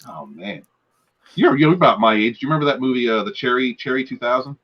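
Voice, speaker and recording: A man's voice: mid-range voice, expressive, fast talker, slightly rough, highs cut off. A man in his forties, a guest on a casual live stream, rambling and laughing with many fillers and restarts. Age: 40s.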